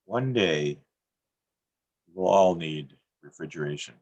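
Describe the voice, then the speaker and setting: Deadpan low-voiced man reading poems. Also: takes it slowly, no echo, muffled recording. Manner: dry, deadpan delivery with self-mocking jokes. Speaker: featured poet. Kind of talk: poetry reading on a video call. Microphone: computer mic on a video call.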